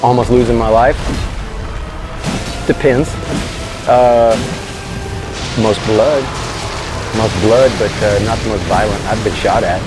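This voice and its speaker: A man telling a story as an interview guest, animated and slangy, swearing freely. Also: fairly low pitch, a little slow, pauses often, over music. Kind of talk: casual storytelling.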